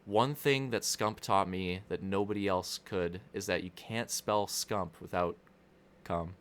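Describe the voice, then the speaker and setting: A man's voice: deep voice, a little slow. Joking young male race commentator. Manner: joking, rambling, crude asides. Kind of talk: casual esports race commentary.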